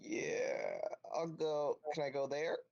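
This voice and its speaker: Hesitant gravelly player, a man, off-mic. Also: mid-range voice, wildly swooping pitch, slow pace, a little mellow, highs cut off. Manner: hesitant, questioning. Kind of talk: casual tabletop play.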